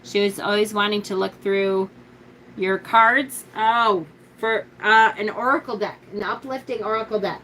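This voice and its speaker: A woman's voice: steady tone, bright, forceful tone, a little hiss or hum, low-quality recording. Gushing, chatty woman tarot streamer. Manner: gushing and chatty, thinks aloud and corrects herself; reads card descriptions aloud slowly and low. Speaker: tarot reader and livestream host. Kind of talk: casual live-stream chat, showing tarot decks and answering viewer comments.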